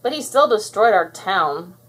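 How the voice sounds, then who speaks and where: Woman doing brash, shouting Buttercup. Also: fairly high pitch, very animated, normal speed, slightly rough, pitched above the performer's own voice, heavily acted. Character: tough, hot-headed little superhero girl.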